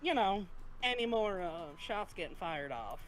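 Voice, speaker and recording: Diplomatic adventurer, slow and formal, by a male player. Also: sits high, very animated, a bit bright, soft background music, voice pushed down, full character voice. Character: polite smooth-talking adventurer named Samson.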